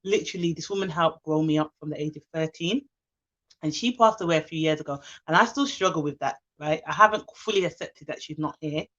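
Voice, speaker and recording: A woman's voice: sits low, fairly quick, a bit bright, dull audio. A woman hosting a live stream, talking candidly and from the heart to her viewers and reading out their comments. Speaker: livestream host. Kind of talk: casual live chat to viewers.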